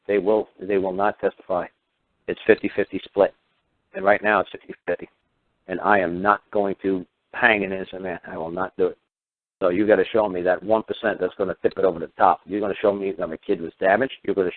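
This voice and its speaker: Fast-talking man on a tinny phone line. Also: low-pitched, steady tone, no echo. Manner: combative, rapid-fire rhetorical questions, swears. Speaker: radio show talker. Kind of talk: heated call-in radio rant.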